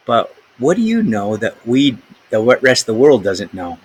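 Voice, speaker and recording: A man's voice: mid-range voice, lively intonation, normal speed, breathy edge, rough recording. A man teaching a history lesson to students, conversational and full of asides and filler words. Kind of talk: recorded classroom history lesson.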